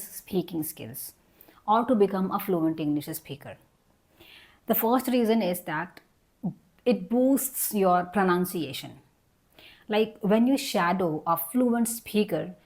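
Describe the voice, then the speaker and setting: A young woman with a fairly low voice gives an online English lesson. She explains things step by step, repeats her points and says the example sentences aloud so learners can copy them. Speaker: English teacher.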